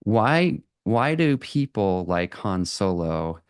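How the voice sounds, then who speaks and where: A man giving a live talk to an audience, animated and conversational, with lots of fillers and quick laughs. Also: fairly low pitch, clear, resonant tone, no room sound, clean studio sound.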